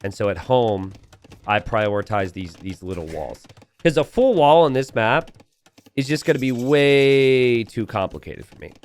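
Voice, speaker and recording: A man's voice: medium pitch, animated, unhurried, smooth. A young adult man giving casual, chatty commentary over a strategy game replay, telling the story with plenty of "uh" fillers.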